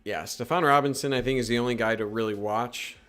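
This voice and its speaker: A young man casually breaking down football film live, reacting with quick exclamations as plays unfold. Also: medium pitch, a bit bright, clear, resonant tone, soft background music. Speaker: podcast co-host.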